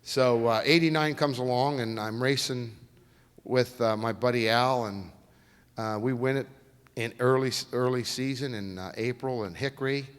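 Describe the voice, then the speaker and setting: A man's voice: mid-range voice, moderate pace, clean tone. A middle-aged man, telling folksy stories as a guest speaker at a lecture. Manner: folksy, lively, acts out quoted voices. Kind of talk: storytelling lecture. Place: lecture hall. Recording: reverberant lecture hall.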